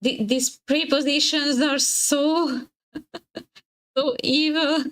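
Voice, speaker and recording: Young woman streamer, native Hungarian speaker, slightly husky, giggly and unhurried, fairly high voice, lots of fillers. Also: steady tone, a bit bright, rough recording. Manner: giggly, hesitant, many fillers and restarts. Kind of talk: casual live-stream chat.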